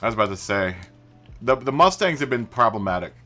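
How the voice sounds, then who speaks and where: A man's voice: mid-range voice, sing-song, fairly quick, bright, forceful tone, soft background music. A man hosting a racing game live stream, chatting casually with viewers, greeting them by name and laughing often. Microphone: studio microphone through a mixer.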